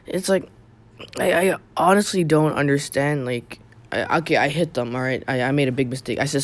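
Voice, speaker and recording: Casting: young male vlogger, slightly high voice, rambling storytime delivery. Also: fairly quick. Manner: rambling, many fillers and restarts. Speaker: YouTube storyteller. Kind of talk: casual storytime vlog.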